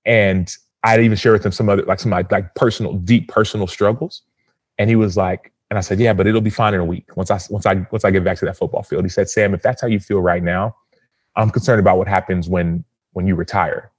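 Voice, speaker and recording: Podcast guest, thirties, male: deep, earnest, lively storyteller, dry recording. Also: fast, no room sound. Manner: earnest, animated storytelling with acted-out quotes. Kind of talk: personal storytelling.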